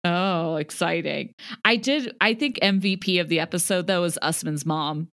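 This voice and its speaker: A woman's voice: lowish voice, normal speed, a bit bright, no room sound, clean studio sound. A young woman co-hosting a podcast, chatting and laughing often. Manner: giggly, chatty. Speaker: podcast co-host. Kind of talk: casual chat recapping a reality show.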